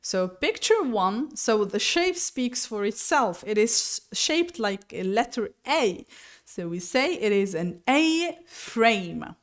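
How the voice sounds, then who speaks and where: A woman teacher explaining English vocabulary and pronunciation slowly and deliberately, sometimes correcting herself. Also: a little high, sing-song. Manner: slow and deliberate, spelling out each word with self-corrections. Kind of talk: recorded lesson explanation.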